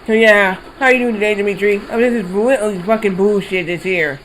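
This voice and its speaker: High-voiced rambling male streamer. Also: fast, slight background noise, poor audio. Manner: rambling, animated retelling with swearing. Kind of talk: casual storytelling while gaming.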